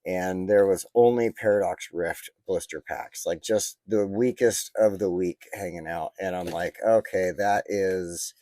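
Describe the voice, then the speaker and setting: Chatty low-voiced man opening cards. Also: unhurried, hardly any pauses, dry recording. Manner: chatty, easily excited, rambling asides. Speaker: card-opening vlogger. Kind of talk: casual unboxing commentary.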